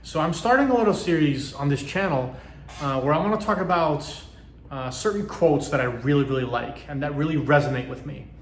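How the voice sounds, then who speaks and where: A man with a slightly high voice talks loosely to his viewers, with plenty of "uh" and "you know" as he circles back on his points. He acts out little quoted reactions as he explains. The room around him is echoey. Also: fairly quick, a little hiss or hum. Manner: rambling, many fillers, acts out quoted reactions. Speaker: channel host. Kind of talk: casual motivational talk to camera.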